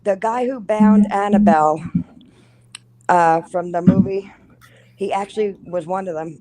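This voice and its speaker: A woman in casual conversation, telling a haunting story in an animated, profane way and acting out what people said. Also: mid-range voice, a little slow, low-quality recording. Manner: animated, profane, acts out quoted lines. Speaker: guest.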